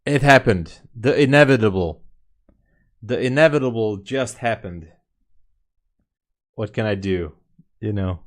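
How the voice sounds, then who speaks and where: Unhurried low-voiced man muttering trade commentary. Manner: wry, muttering remarks to himself about the chart. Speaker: day trader streaming live. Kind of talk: live trading commentary.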